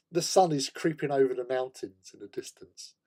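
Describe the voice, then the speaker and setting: A man's voice: mid-range voice, measured pace, darkish tone. An English man hosting a casual hobby stream, rambling through a travel story with many fillers and laughs. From England. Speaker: host.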